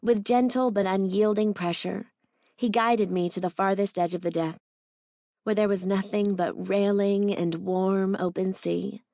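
A woman narrating a first-person romance audiobook in a measured, intimate way. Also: medium pitch, fairly even intonation, vocal fry, dark tone, no echo, studio quality.

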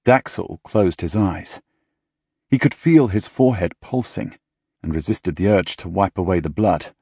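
A man reading an audiobook in measured, dramatic storytelling style, close to a studio mic. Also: sits low, creaky, mellow, slightly rough, dry recording. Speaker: audiobook narrator. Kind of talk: scripted audiobook narration.

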